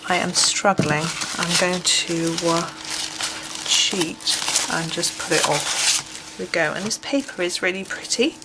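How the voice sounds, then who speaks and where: A woman reviewing a colouring book in a casual flip-through. She speaks gently and hesitantly, with many ums, and sometimes drops almost to a whisper. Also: fairly low pitch. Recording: steady background noise.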